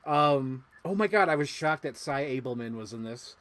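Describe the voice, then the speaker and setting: A man co-hosting a casual movie chat podcast, excitable and laughing often, leaping up high when he quotes characters. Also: normal speed, heavy background noise. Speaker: podcast co-host.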